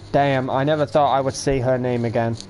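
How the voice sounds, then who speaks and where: A man's voice: mid-range voice, a little mellow, a little hiss or hum. A man in his late teens, chatting casually and rambling to viewers on a home livestream.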